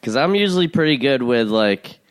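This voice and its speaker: A man's voice: mid-range voice, expressive, moderate pace. A man co-hosting a podcast, chatting in an easygoing, talkative way and laughing along. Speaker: podcast co-host. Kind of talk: casual comedic chat.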